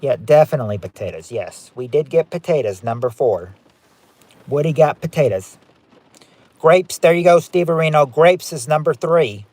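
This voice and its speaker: A man's voice: fairly high pitch, animated, moderate pace, darkish tone. A man hosting a live-stream game night, chatting as he reads out viewer guesses and rules on each one. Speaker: game show host.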